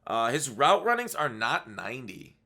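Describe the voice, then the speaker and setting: A man's voice: medium pitch, sing-song, moderate pace, pushed and bright. A tired man giving casual, rambling commentary on a video game, with frequent restarts and asides. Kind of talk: casual commentary over gameplay.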